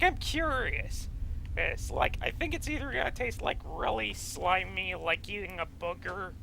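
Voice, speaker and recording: A man with a high, gravelly voice talks through a video game in a loose, rambling way, drifting from topic to topic. His tone is bright and forceful, and he takes his time with an unhurried pace. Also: a little hiss or hum, rough recording. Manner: rambling, chatty, goes off on tangents. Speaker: let's play gamer. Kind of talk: casual gameplay commentary.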